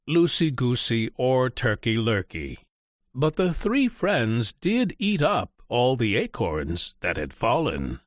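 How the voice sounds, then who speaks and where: A man reading a children's story aloud in an expressive, deliberate way. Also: mid-range voice, dry recording, studio quality. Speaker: narrator. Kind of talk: storybook read-aloud narration.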